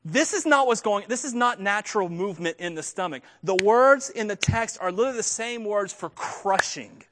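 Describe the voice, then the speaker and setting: A man preaching a sermon to his congregation, animated and full of joking asides. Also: sits high, normal speed, hardly any pauses, a little hiss or hum. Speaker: pastor.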